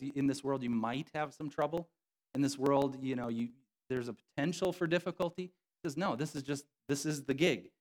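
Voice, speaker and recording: Man preaching a lively conversational sermon. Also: medium pitch. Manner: animated, conversational preaching with acted-out quotes. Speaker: pastor.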